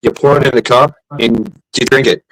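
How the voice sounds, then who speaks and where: Man, casual stream co-host, rambling crude joker, mid-pitched. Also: steady tone, moderate pace, fairly bright tone, dry recording, low-quality recording. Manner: rambling, jokey, crude humor. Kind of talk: casual chat.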